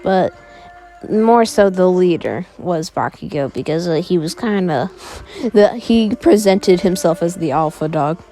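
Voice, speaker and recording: A woman tells a fan story in a casual, rambling way, full of fillers. She speaks slowly with a mellow tone. Faint music plays beneath her voice. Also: on the low side, expressive. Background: faint background music.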